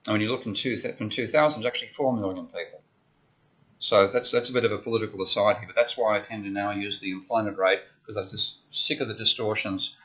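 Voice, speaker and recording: A man with a lowish, bright, forceful voice lectures at a university. He explains each step casually and checks in often with the room. It is captured on a dull, lo-fi recording. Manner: conversational, explains step by step with frequent "okay?". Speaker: economics lecturer.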